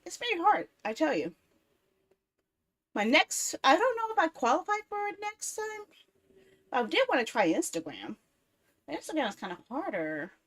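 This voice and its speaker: A woman streamer in casual live-stream chat, rambling and talking to herself as she fiddles with apps, quick to get exasperated and swear. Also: high-pitched, wildly swooping pitch, fairly bright tone.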